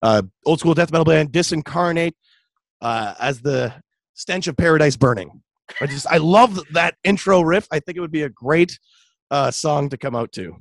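A young man, a radio host, chatting casually in an interview, relaxed and full of "dude" and "like". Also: fairly high pitch, normal speed, no echo. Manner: laid-back, chatty, says "dude" and "like" often. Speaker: radio host and metal vocalist.

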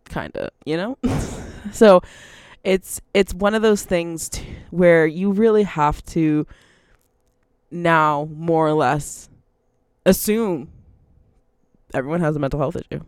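A woman's voice: lowish voice, expressive, slow, pauses often, no room sound. Casual woman, chatty and unfiltered, laughs mid-sentence, dry close mic. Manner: rambling, laughs often, swears freely. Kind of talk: casual monologue.

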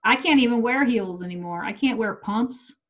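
A woman's voice: a little high, moderate pace. Middle-aged woman, blunt swearing storyteller, casual chat, slightly muffled lo-fi sound. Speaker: comedian.

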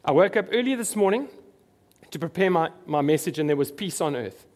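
A man's voice: a little high, lively intonation, brisk, a little mellow. A man preaching a sermon, earnest and emphatic, repeating his key phrases.

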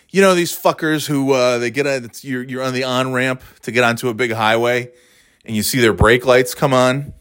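A man's voice: medium pitch, normal speed, clear, resonant tone, dry recording, clean studio sound. A man telling a casual, swear-laden anecdote, tired and exasperated, with mocking asides. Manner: animated, swearing, mocking voices in quotes. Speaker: storyteller.

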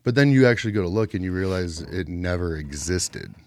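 A man's voice: sits low, lively intonation, brisk, darkish tone, no room sound. A man co-hosting a casual podcast chat, joking and laughing with friends. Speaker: podcast co-host.

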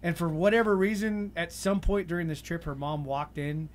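A man's voice: on the high side, steady tone, moderate pace. A man telling wild stories in casual chat, swearing a lot and laughing often.

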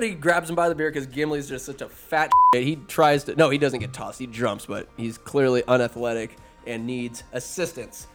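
A man's voice: mid-range voice, a bit bright. A man giving a casual, comedic movie recap, rambling and profane with sarcastic asides.

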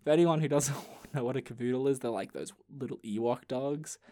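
A man's voice: medium pitch, brisk, mellow. A young man hosts a podcast and tells stories in casual chat. He talks in a loose, profane, jokey way and often trips over and restarts his sentences. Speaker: podcast host.

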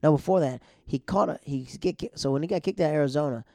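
Man, casual storyteller, gravelly and warm-toned, rambling delivery. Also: fairly high pitch, quick pace, no room sound, studio quality. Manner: rambling, conversational, with frequent fillers and restarts.

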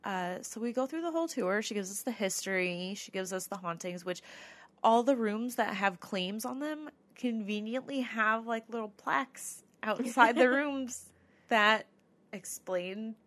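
A woman's voice: fairly high pitch, measured pace, a bit bright. A woman co-hosting a podcast, telling a ghost-hunt story in a chatty way, with lots of fillers and laughs. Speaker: podcast co-host. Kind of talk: casual chat.

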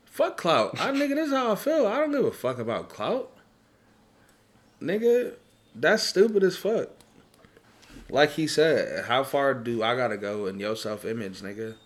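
A man in casual, profane podcast chat, talking bluntly and with emphasis. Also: medium pitch. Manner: blunt, emphatic, swears often.

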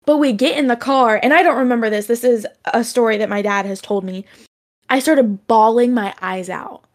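Animated young woman telling a story. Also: fairly high pitch, normal speed. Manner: animated storyteller, acts out quoted voices. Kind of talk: casual storytelling chat.

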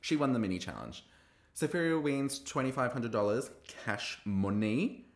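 A man hosting a podcast, recapping a TV episode in a gossipy, animated way and acting out quoted lines. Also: mid-range voice, normal speed, echoey room. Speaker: podcast host reviewing a TV episode. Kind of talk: casual recap chat.

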